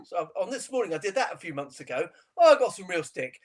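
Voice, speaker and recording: A middle-aged man, a TV chef guest, chatting casually in an interview and telling animated stories with frequent laughter. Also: sits high, fast talker. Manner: animated storyteller, laughs often.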